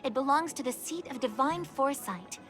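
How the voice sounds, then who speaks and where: A courteous, formal game official. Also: female voice, high voice, expressive, fairly quick, a bit bright. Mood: composed. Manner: polite, formal, explanatory. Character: composed, courteous female official. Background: game music.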